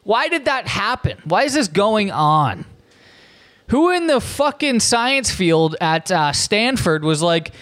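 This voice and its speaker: A man's voice: high-pitched, sing-song, slow, a bit bright. A man hosting a comedy show, delivering a profane, incredulous rant with frequent stumbles and restarts. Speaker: podcast host.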